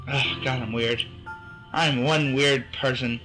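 Teen guy doing a goofy lets play, bright tense voice, hums along, game music low in back. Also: steady tone, normal speed, low-quality recording. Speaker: let's play gamer. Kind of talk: casual let's play commentary. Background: faint game music.

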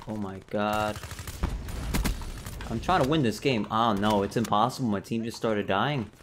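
A man's voice: lowish voice, unhurried, noisy background. A young man giving live commentary over a shooter game, frustrated and swearing at opponents. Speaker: gaming YouTuber.

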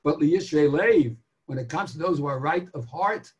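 A man giving a daily Torah lecture in a sermon style, emphatic and animated, asking rhetorical questions and stretching key words. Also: on the high side, normal speed, lo-fi sound.

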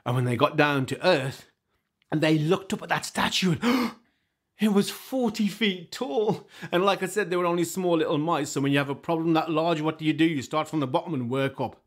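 A man telling a folk tale to children in a lively, animated way, inviting the audience to join in with voices and sounds. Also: on the high side, normal speed. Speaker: storyteller. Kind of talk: interactive children's storytelling.

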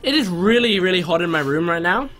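A young man casually commentating on an online game from his small bedroom, rambling with sudden excited outbursts. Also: high-pitched, fairly quick. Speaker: gaming video host.

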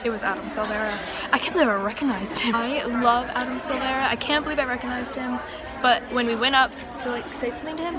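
A young woman vlogging, talking with gushing, breathless excitement as a book fan. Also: fairly high pitch. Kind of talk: excited vlog chat. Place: crowded bookstore and city streets. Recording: busy crowd and street noise behind.

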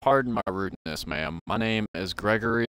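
A man's voice: lowish voice, fairly quick, a bit bright, slight background noise, close to an everyday voice. A man reading aloud the lines of a kind, humble, grieving farmer from a game, with polite, old-fashioned phrasing.

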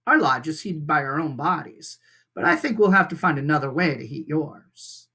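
A teacher reading aloud and voicing a grumpy, stubborn male beaver who mutters in a lower, quieter voice. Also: animated, normal speed, breathy edge, exaggerated voice.

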